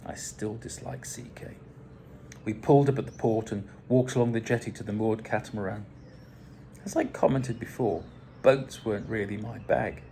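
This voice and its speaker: A man's voice: fairly low pitch, normal speed, gravelly, dark tone, slight background noise. Dry, wry male storyteller. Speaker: audiobook narrator. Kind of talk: first-person storytelling narration.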